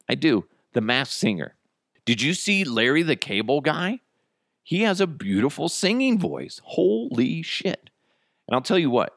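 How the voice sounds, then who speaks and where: A man hosting a comedy podcast, rambling through stories with quick asides. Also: on the low side, a bit bright, no room sound, studio quality. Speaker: podcast host. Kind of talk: casual comedic chat.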